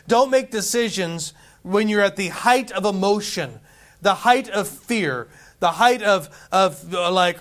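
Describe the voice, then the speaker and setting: A man's voice: high voice, expressive, a little slow, a bit bright. A man preaching a conversational sermon, repeating phrases for emphasis. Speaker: pastor.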